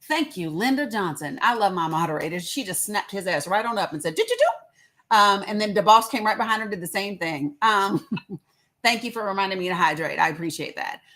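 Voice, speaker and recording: With a medium-pitched, bright and forceful voice at a fairly quick pace, this woman runs a casual livestream. She delivers her live commentary emphatically, repeating words to drive her points home.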